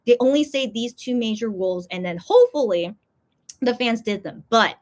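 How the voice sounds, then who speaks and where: A woman vlogger telling a story in casual chat, rambling with lots of fillers and squealing high when she quotes others. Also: animated, normal speed, a little mellow. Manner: rambling, heavy use of "like" and "okay?", acts out others in high squeals.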